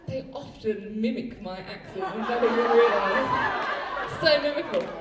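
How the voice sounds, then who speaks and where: A woman's voice: on the high side, normal speed, very noisy. A woman hosting a live burlesque show, playful and teasing, laughing often, recorded from afar in a large venue with a crowd. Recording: distant mic in an echoey hall with crowd.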